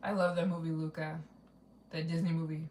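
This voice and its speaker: A woman travel vlogger chats loosely through a late live stream, looping back over her points and reading out donations as they arrive. Her voice sits a little low and is heard from a distance in a roomy space, with faint ambience behind her. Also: level tone, fairly quick, darkish tone, slight background noise. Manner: rambling, repeats herself, reads out donations. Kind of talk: casual live-stream chat.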